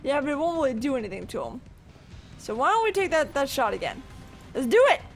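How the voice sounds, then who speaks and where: A man's voice: extremely high pitch, very animated, quick pace, soft background music. A man casually commenting on his video game play, chatty and swearing freely as he reacts aloud. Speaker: let's play gamer.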